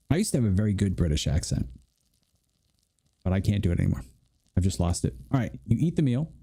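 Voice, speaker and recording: A man's voice: medium pitch, dark tone, husky. A man streaming a video game, chatting and joking in rambling asides as he plays. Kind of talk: casual gameplay commentary.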